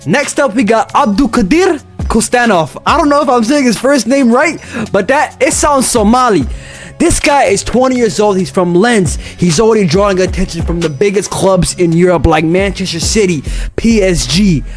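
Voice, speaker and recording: A young man hosting a casual fan commentary vlog, excitable, with a sing-song delivery and playful repetition. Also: sits high, moderate pace, faint music behind. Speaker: football channel host.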